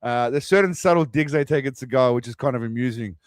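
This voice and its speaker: A man hosts a stream and rambles casually through his commentary. His voice sits at a middle pitch and is recorded close and dry, with no room echo. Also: fast talker. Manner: rambling, chatty, with restarts and laughs. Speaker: stream host.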